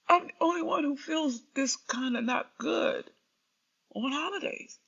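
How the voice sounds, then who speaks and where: A woman's voice: high voice, measured pace, gravelly, highs cut off. A woman talking candidly to her livestream viewers, rambling and emotionally raw. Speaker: livestream host. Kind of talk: unscripted livestream talk.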